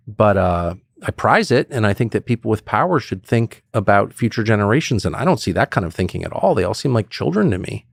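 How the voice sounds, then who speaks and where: A man's voice: vocal fry, dry recording. A man as a podcast guest, talking casually and rambling, with frequent restarts and chuckles. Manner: rambling, restarts and chuckles, lively swings in pitch. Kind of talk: casual conversation.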